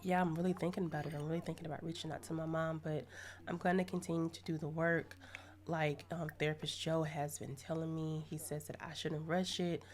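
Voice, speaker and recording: A woman's voice: deep voice, level tone, a little fast, lightly acted. A woman voicing a young woman in a life-sim game, a girlfriend answering her partner in a reassuring way. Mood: tender. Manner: warmly reassuring.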